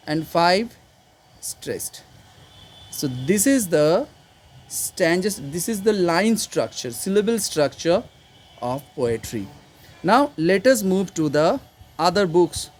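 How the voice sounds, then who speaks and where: A man teaching poetry in an informal lecture, halting often, correcting himself and explaining terms from a textbook. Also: sits high. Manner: halting, with fillers and self-corrections. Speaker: literature teacher.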